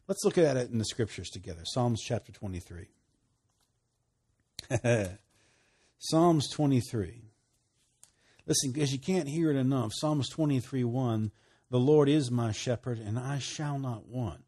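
A man preaching a sermon, emphatic, moving between loud bursts and hushed, quiet lines. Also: mid-range voice, measured pace, pauses often, husky. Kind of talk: sermon teaching.

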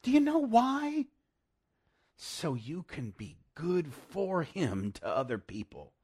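A man preaching a sermon, emphatic and plain-spoken, with loud bursts, hushed asides and frequent laughs. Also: on the high side, huge pitch swings, takes it slowly, slightly rough.

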